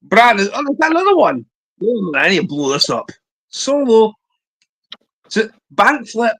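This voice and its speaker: A man with a Scottish accent hosting a casual livestream chat, playful and animated with drawn-out emphasis. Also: sits high.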